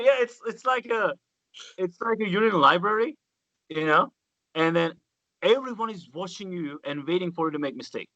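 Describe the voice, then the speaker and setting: Man, guest bassist, casual chat, bright edgy tone, rambling with restarts. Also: no room sound, dull audio. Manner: rambling anecdotes full of restarts, "dude" and "man".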